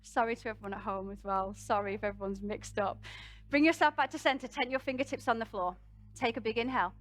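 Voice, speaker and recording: A woman's voice: a little high, fast talker. A woman with a British accent teaching a live yoga class, guiding poses and breath with rousing encouragement and a self-mocking laugh. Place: live event venue, music playing.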